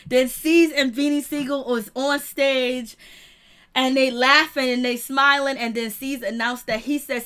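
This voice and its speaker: A woman with a high-pitched, clean-toned voice and a slightly slow delivery hosts a live-stream YouTube show, recapping a reality episode casually and full of slang. She acts out the quotes and laughs a lot as she retells it.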